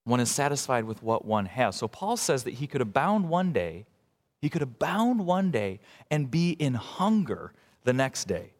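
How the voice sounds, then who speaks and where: A man preaching a sermon as pastor, moving between emphatic, raised lines and soft, hushed asides. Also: mid-range voice, big pitch swings, moderate pace, big-room sound.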